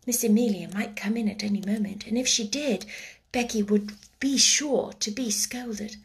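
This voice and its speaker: A woman narrating a classic children's story aloud, expressive, sometimes slipping into a hushed whisper. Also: fairly high pitch, normal speed. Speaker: audiobook narrator.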